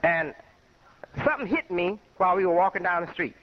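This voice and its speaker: A man's voice: high voice, animated, fairly quick. An older man from Chicago, an imam, giving a rambling, conversational lecture full of personal anecdotes. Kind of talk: informal spoken lecture. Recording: muffled lo-fi radio recording.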